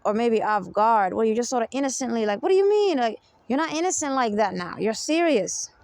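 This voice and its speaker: A woman talks straight to the listener in a loose, emphatic advice monologue and keeps checking that she is understood. Her voice sits a little high and has a gravelly, fried edge. The sound is dry and close, with no room around it. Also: a little fast, a little mellow, no echo. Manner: emphatic, keeps asking "you get me?". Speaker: self-help speaker.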